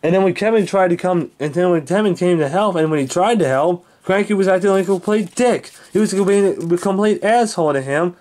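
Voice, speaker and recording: A man's voice: high voice, fairly quick, few pauses, a little mellow. A man giving a heated, swearing rant as a video reviewer, often restarting his sentences. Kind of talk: angry ranting review.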